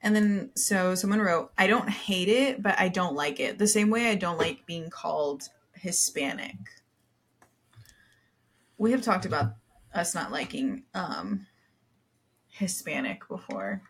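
A woman's voice: lowish voice, lively intonation, measured pace, long pauses, breathy edge. A young woman co-hosting a podcast, telling stories in casual chat with lots of fillers and frequent laughter. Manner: chatty storyteller, laughs often, many fillers. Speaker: podcast co-host.

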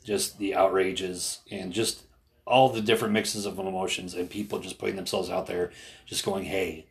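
Gravelly low-voiced man in earnest chat. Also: moderate pace. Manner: hesitant, many fillers and restarts; earnest, retells others with raised animated voice. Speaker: podcast co-host. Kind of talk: casual conversation.

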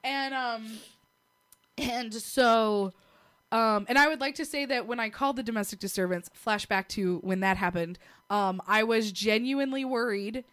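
A woman's voice: a little high, moderate pace. Giggly young woman telling a crude story. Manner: giggly, crude, animated retelling with acted quotes. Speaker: storyteller in casual chat. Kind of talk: casual chat.

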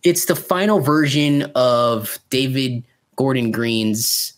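A man's voice: medium pitch, takes it slowly. A man co-hosting a podcast, rambling and swearing freely as he reviews films in casual chat. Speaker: podcast co-host.

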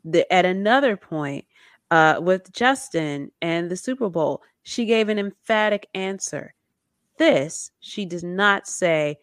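A woman co-hosting a casual chat about a documentary, telling it with lively acted-out quotes. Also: lowish voice, takes it slowly, dry recording, studio quality. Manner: animated storytelling with acted-out quotes. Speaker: podcast co-host.

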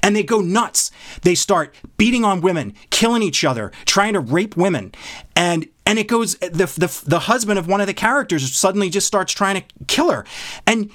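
A man in an animated casual discussion, passionately retelling a show's plot while clearly worked up about it. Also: high-pitched, normal speed.

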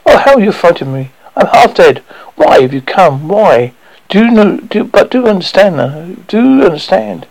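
A man's voice: sits high, sing-song, normal speed, gravelly, a little mellow, pitched above the performer's own voice, heavily acted, rough recording. A man reading aloud voices a frightened young woman who pleads breathlessly with her lover. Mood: pleading.

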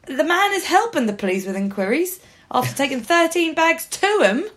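A woman in her thirties tells a story on a podcast in a lively, chatty way. She swears freely and puts on voices for the people in her story. Her voice sits a little high. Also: a little fast. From Norfolk, England. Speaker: podcast co-host. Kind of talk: casual chat.

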